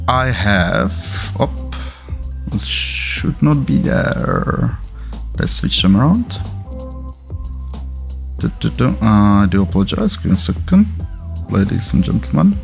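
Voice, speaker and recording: Chatty, halting man from Czechia. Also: lowish voice, gravelly. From Czech Republic. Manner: chatty, halting, self-correcting. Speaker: livestream host. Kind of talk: casual livestream commentary.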